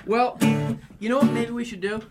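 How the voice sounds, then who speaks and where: A man's voice: very high voice, steady tone, moderate pace. A man who performs music for children, chatting and joking playfully on live radio. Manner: playful, hammy, sings and shouts with kids. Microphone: studio microphone. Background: guitar playing.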